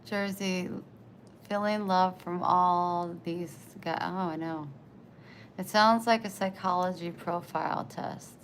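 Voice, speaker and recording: Woman livestreamer, American country twang, low gravelly voice, breathy and soft-spoken. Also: fairly even intonation, slow pace, slight background noise. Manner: soft-spoken, drifting into near-whispers. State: short of breath. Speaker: livestreamer reading chat. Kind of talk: casual live-stream chat.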